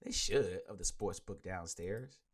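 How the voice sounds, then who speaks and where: A man's voice: deep voice, unhurried, breathy edge. A man hosting his own podcast, ranting and joking in casual solo sports talk. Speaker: podcast host.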